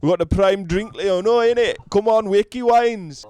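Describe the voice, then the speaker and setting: Man doing a cocky Yorkshire lad, slangy, higher and louder than usual. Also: normal speed, natural voice. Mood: swaggering. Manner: swaggering, slangy. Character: brash young man with thick Yorkshire accent.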